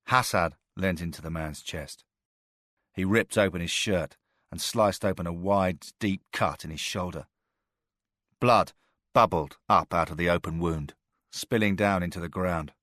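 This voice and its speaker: A man narrating a thriller audiobook with a steady, measured delivery. His voice sits very low, and the recording is dry and close with no room sound. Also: no echo.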